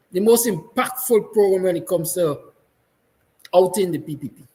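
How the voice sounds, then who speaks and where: A man's voice: sits high, moderate pace, rough recording. Fiery Guyanese man, emphatic. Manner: fiery, emphatic, repeats lines; soft, tender passages. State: emotional, near tears. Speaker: host. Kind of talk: impassioned monologue.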